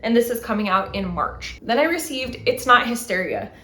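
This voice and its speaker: A woman's voice: on the high side, lively intonation, normal speed, a bit bright, reverberant, a little hiss or hum. A woman in her thirties hosting a book haul vlog, chatting eagerly about each new book. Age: 30s. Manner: enthusiastic, talks through each book and reads back covers. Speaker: book channel host.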